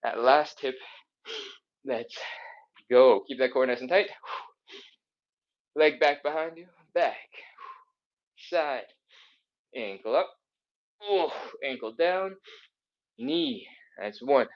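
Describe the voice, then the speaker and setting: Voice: mid-range voice, very animated, slow pace, gravelly, long pauses, dull audio. A fitness instructor leading a live follow-along stretching workout, counting reps and chatting between moves, out of breath. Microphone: streaming setup.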